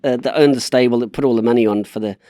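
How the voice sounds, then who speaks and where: A man's voice: medium pitch, rapid-fire, no echo. Laid back guy guest, jockey stories, trips over words a bit, mid voice, dry close mic. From England, raised in South Africa. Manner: relaxed, hesitant, restarts words. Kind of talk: casual chat, storytelling.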